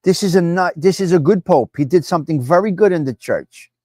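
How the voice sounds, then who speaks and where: A man's voice: on the high side, a little fast, dark tone, no room sound. A man from New Jersey with a New Jersey accent, hosting a live stream and talking bluntly, repeating himself for emphasis. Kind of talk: casual opinionated live stream talk.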